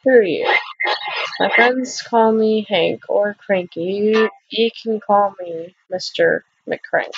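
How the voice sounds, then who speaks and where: Woman doing a grumpy old shopkeeper guy, slow and stern, muffled lo-fi audio. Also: medium pitch, vocal fry, breathy edge, no room sound, exaggerated voice. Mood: gruff. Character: gruff old male shopkeeper, cranky.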